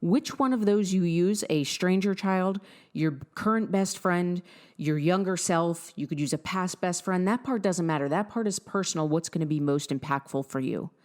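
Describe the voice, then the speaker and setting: Encouraging woman, low voice, podcast coach. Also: normal speed, a little mellow. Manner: upbeat, direct and encouraging, talks straight to the listener. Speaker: podcast host, fitness and mindset coach. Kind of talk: motivational podcast monologue.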